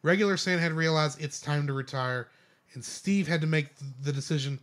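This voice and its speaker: Young male podcast co-host, slightly higher voice, casual and rambling film talk. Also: brisk, a bit bright. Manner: rambling, self-correcting. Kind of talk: casual film review chat.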